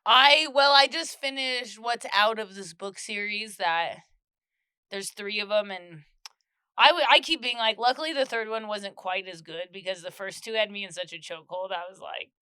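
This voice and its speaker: A young woman chats and teases in a relaxed conversation and laughs often. Her voice is bright and crisp, slightly higher than most women's, and it sounds dry and close to the mic. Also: normal speed, no room sound. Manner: chatty, laughs often, teasing. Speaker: podcast co-host. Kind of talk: casual sibling chat.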